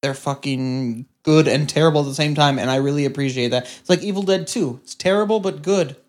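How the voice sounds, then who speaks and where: Blunt, swearing man, slightly high voice. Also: fairly quick. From Minnesota. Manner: blunt, profane, animated. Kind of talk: casual chat.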